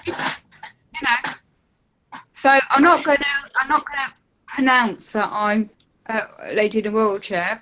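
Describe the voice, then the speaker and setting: A woman's voice: a little high, a little slow, pauses often, sharp tone. Rambling woman on a muffled line. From United Kingdom. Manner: rambling, chatty, with frequent fillers and laughs. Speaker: caller on a live talk show. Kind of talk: casual chat.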